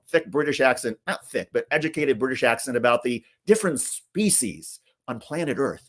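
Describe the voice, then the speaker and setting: A man hosting political commentary, speaking in an indignant, emphatic way. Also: mid-range voice. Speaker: host.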